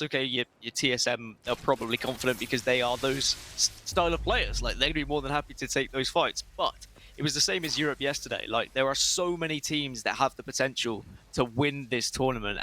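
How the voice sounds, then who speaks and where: A young British man giving analytical color commentary on an esports match, steady but rising at big plays. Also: medium pitch, fairly quick, a little hiss or hum. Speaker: esports caster.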